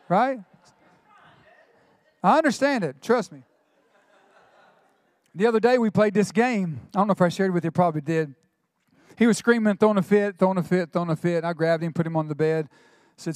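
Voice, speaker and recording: A middle-aged male pastor, preaching a sermon with quick asides and retold dialogue. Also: high-pitched, clean tone, dry recording.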